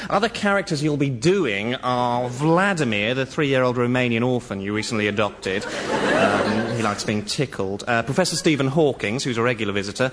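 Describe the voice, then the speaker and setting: An actor playing a mischievous, matter-of-fact doctor in a comedy sketch. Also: male voice, mid-range voice, normal speed, very noisy, natural voice. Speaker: doctor in a care home.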